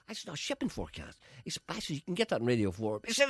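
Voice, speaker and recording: A man's voice: medium pitch, wildly swooping pitch, very fast, hardly any pauses, slightly rough, no echo, clean studio sound. A man hosting a radio show, rambling through a story and acting out the lines of the people in it. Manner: rambling storyteller, acts out quotes, laughs at own tales. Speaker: radio host. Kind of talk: casual chat.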